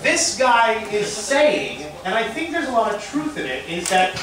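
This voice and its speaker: A man's voice: high voice, sing-song, a little slow, a crowd in the background. A male teacher leading a classroom lecture, playfully coaxing answers from students. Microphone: far camera. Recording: echoey classroom from far off.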